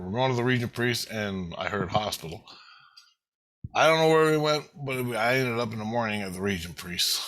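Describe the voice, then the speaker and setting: A man's voice: mid-range voice, fairly bright tone, low-quality recording. A man in his fifties giving a rambling first-person account of a spiritual experience, intense and emotional, swearing heavily. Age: 50s. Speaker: vlogger recounting a spiritual experience.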